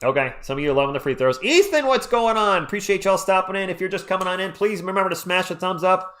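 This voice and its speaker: A man, hoarse and losing his voice, doing fan play-by-play on a live stream and ranting about referee calls. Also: high-pitched, fast, a bit bright.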